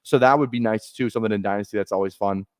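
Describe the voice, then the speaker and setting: A man's voice: lowish voice, racing, no room sound, studio quality. A man streaming casually, thinking aloud in a rambling way with lots of fillers. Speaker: fantasy football streamer. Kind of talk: casual live-stream commentary.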